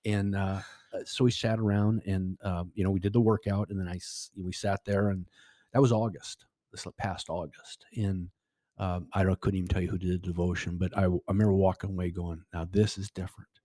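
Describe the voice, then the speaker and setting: A man's voice: low voice, little pitch movement, a little fast, mellow, dry recording, clean studio sound. A middle-aged man telling a personal story as a podcast guest, rambling with restarts and quoted dialogue. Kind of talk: casual storytelling.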